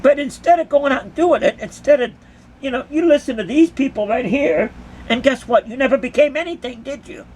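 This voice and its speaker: A woman's voice: high-pitched, brisk, darkish tone, husky. A woman who dances at concerts giving an impassioned, emphatic monologue to her critics, full of repeated rhetorical questions.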